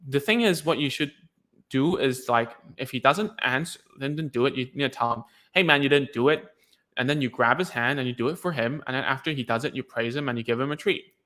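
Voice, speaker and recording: A man's voice: medium pitch, quick pace, a bit bright. Chatty man giving loose parenting advice. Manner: loose and chatty, lots of fillers and restarts, says "dude". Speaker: speech therapy coach answering parents' questions. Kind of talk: casual advice video.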